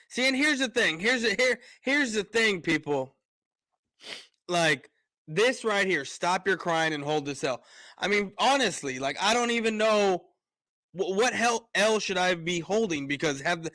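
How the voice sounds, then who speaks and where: A man's voice: sits high, bright, forceful tone, no echo. A man ranting on a casual sports live stream, fired up, repeating words and restarting his sentences often.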